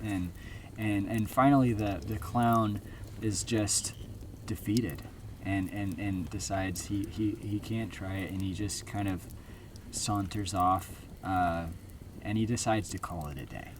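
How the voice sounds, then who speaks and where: A man's voice: fairly low pitch, measured pace, recorded from a distance. A man telling an improvised story outdoors at a campfire, rambling with many fillers and restarts. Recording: outdoor campground noise.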